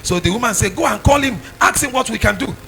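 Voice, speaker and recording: Lively, gravelly preacher. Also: male voice, very high voice, fast, soft background music, poor audio. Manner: storytelling with rising shouts and sung phrases. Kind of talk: sermon testimony.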